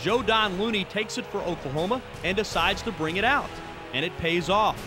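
Male sports narrator, high voice, brisk play-by-play, loud music under him. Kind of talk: scripted football highlight narration.

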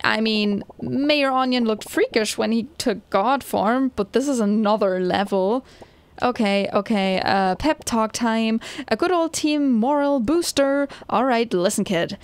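A woman reading the lines of an uncle figure in a video game, giving a quick, earnest pep talk. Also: fairly high pitch, clear, resonant tone, no echo. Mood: encouraging.

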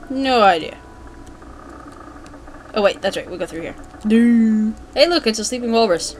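A woman's voice: fairly high pitch, animated, moderate pace, long pauses, slight background noise. A woman giving casual, jokey gameplay commentary with playful, silly asides. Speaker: let's play gamer.

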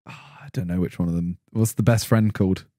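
A man's voice: sits low, steady tone, fast talker, dark tone, no echo, studio quality. A young man hosting a podcast, teasing his guests in playful chat. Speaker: podcast host. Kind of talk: casual podcast banter.

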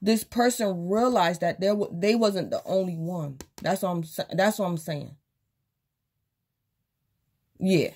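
A woman's voice: on the low side, measured pace, long pauses, a little mellow, husky. A woman casually giving a tarot reading, speaking straight to the viewer and acting out quotes from imagined people. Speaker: tarot reader.

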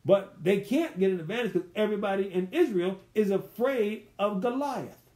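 Speaking at normal speed in a high, slightly mellow voice, a man works through the Bible verse by verse, keeping his phrasing casual and colloquial while posing rhetorical questions to the group.

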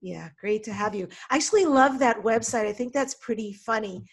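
A woman hosts a podcast interview with a voice a little higher than average. She chats easily and laughs as she sets up her questions. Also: a little fast, breathy edge. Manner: chatty and laughing. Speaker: podcast host. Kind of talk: interview hosting.

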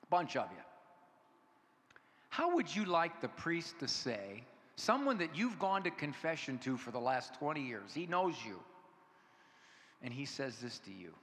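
A man's voice: medium pitch, a little slow. A man in his fifties giving a humorous talk to an audience, telling stories and acting out the dialogue. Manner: animated storytelling, acting out dialogue. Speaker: conference speaker. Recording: echoey hall with faint noise.

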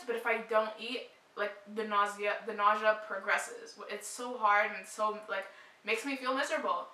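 Rambling to camera with a steady stream of "like" fillers, a pregnant vlogger in her twenties describes her morning sickness in casual chat. Her voice is fairly high with a sharp tone. The recording echoes around the room, the mic placed at a distance.

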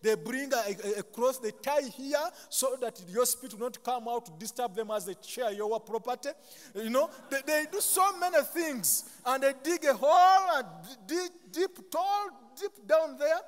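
A man's voice: extremely high pitch, lively intonation, moderate pace. A man from Buganda with a Ugandan accent, preaching a sermon in call-and-response style, leaving sentences open for the congregation to finish and adding humorous, self-deprecating asides. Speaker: pastor. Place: chapel. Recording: long chapel reverb.

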